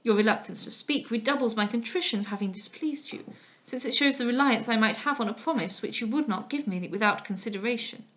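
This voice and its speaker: A woman reading the part of an ardent, pushy gentleman suitor who speaks in effusive, flowery declarations. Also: on the high side, brisk, lightly acted. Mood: coaxing. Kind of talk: dramatized audiobook reading.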